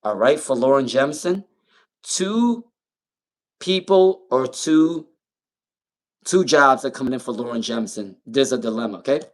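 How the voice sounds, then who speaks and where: A man's voice: mid-range voice, normal speed. A young man hosting a live-stream tarot reading, talking casually with viewers, often repeating himself and breaking into laughter.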